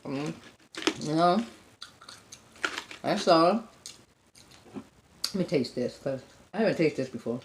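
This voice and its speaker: Woman, casual eating-show chat, low pitch, lively up-and-down delivery. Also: slow pace, pauses often, a little hiss or hum. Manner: chatty, talks to viewers as "y'all" between bites and hums. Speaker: mukbang host.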